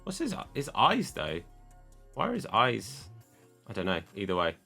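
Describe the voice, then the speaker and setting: A card-opening host talks to his camera as he rips packs, joking self-deprecatingly and chiding it for going out of focus. His lowish, gravelly voice swoops wildly in pitch, with a sharp tone and a slightly slow pace over soft background music.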